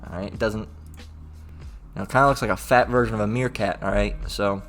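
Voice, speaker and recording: A man's voice: lowish voice, steady tone, normal speed, fairly bright tone, soft background music. A man casually going through scripture verse by verse, reading passages aloud and checking in with his listeners after nearly every line. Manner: repetitive, checks in with "all right?"; reads old-style scripture aloud with more lift. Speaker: religious teacher.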